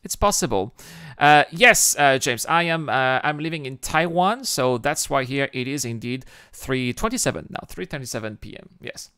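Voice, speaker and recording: A man hosting a livestream, chatting casually with viewers and reading out their comments in an excitable way, often restarting his sentences. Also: mid-range voice, moderate pace, clean tone, no echo, clean studio sound. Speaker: livestream host.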